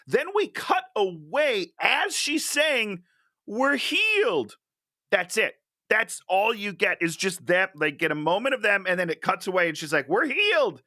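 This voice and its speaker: Animated sarcastic man ranting about a movie. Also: high voice, moderate pace, dry recording, clean studio sound. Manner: animated, mocking, mimics characters in exaggerated voices. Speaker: podcast co-host. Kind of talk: casual movie-review chat.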